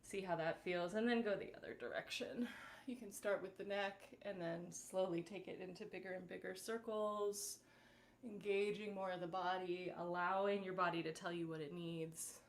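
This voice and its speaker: A woman vocal coach leading a live-streamed warm-up, giving gentle, encouraging instructions with plenty of fillers. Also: fairly low pitch, fairly even intonation, normal speed.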